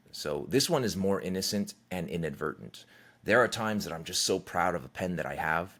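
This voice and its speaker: A middle-aged man with a fairly low voice hosts his own podcast, talking alone in a loose, candid way. He swears freely and acts out other people's lines as he goes. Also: creaky. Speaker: podcast host. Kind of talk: casual solo podcast monologue.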